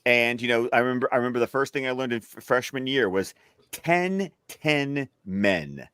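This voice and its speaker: A man's voice: medium pitch, lively intonation, moderate pace, fairly bright tone, clear, resonant tone, no echo, studio quality. A man from the US South chatting casually on a panel, rambling through stories in a trained, neutral stage voice. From Alabama, US South. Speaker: film podcast panelist.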